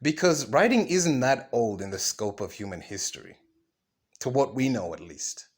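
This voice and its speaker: With a medium pitch, a breathy edge, and a moderate pace, this man sounds very animated as he hosts his podcast alone. He rambles, swears a lot, stumbles through fillers and restarts, and tacks on "right?" as he goes.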